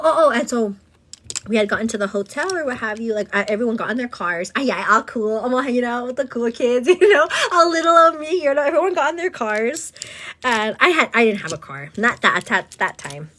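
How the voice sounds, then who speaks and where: Woman, vlogger, slightly high voice, chatty, rambling, says "girl" a lot, casual storytelling. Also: fairly quick, a bit bright. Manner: slips in Spanish phrases. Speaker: vlogger and host. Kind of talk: casual storytelling while getting ready.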